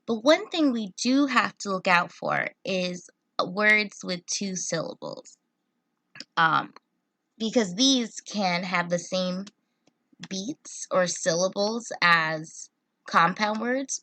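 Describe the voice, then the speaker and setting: A woman's voice: lowish voice, a bit bright, no echo. A young woman teacher giving a patient, step-by-step online phonics lesson to children.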